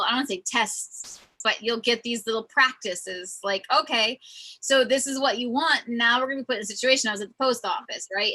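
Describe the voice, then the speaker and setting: A woman hosting a casual spiritual conversation, telling stories in an earnest, animated way. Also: fairly high pitch, poor audio. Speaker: host.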